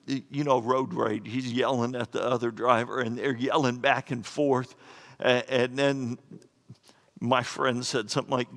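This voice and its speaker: A man's voice: medium pitch, fairly bright tone. A middle-aged man preaching a sermon as pastor, earnest and plainspoken, with quoted asides. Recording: echoey hall with long reverb.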